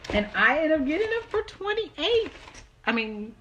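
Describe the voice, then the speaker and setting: A woman's voice: high voice, sing-song, normal speed, fairly bright tone, dull audio, slight background noise. A woman chatting casually to her vlog audience in a rambling, easygoing way, partly from a parked car. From Southern California. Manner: chatty, rambling, exasperated asides. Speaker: vlogger.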